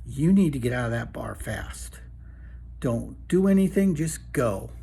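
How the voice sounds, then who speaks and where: A man's voice: mid-range voice, sing-song, measured pace, vocal fry, mellow, husky, full character voice. A man voicing an older frontier saloon owner who drawls out a warning.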